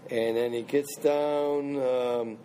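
Mellow-voiced man leading a Bible study. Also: mid-range voice, fairly even intonation, slow pace, a little hiss or hum. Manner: conversational, repeats and restarts phrases, asks the group questions. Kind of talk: informal Bible teaching.

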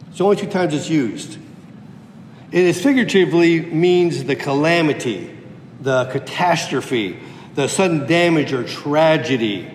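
A man's voice: fairly high pitch, lively intonation, measured pace, slight background noise. A man preaching a sermon as a pastor, teaching verse by verse and explaining the original Greek words of the text. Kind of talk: expository sermon. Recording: echoey hall with long reverb.

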